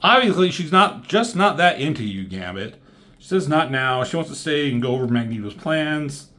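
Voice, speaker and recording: A man giving a casual, rambling comic book review, swearing freely and filling pauses with "um". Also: on the high side, lively intonation, a bit bright. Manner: rambling, profane, lots of fillers.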